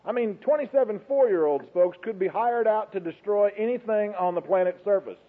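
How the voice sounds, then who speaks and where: Through a tinny broadcast that sounds like a phone line, an animated man with a high voice speaks fairly quickly, telling his audience a dramatic church testimony in folksy, colloquial storytelling.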